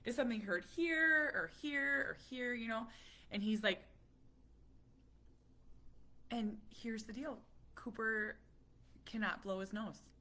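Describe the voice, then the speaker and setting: A woman talking casually to her viewers about her family, chatty and animated, a little stuffy from a cold. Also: mid-range voice. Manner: chatty, animated, laughs often. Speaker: parent vlogger. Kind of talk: casual chat.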